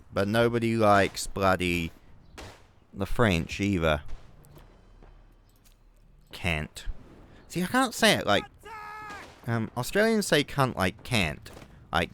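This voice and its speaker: A man's voice: lowish voice, a bit bright, a little hiss or hum. A young New Zealand man with a New Zealand accent, rambling and swearing through gameplay commentary, with angry outbursts. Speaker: gaming video creator.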